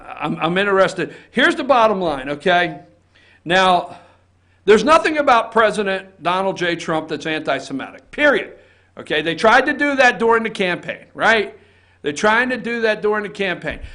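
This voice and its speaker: A man's voice: sits high, a bit bright. A man hosting an opinion talk show from an office, ranting heatedly and swearing often.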